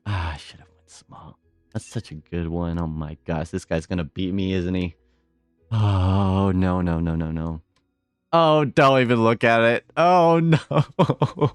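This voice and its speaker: Excitable man streaming a game, lively pitch. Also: no room sound. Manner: excitable, repeats short phrases, frequent exclamations. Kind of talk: live gameplay commentary.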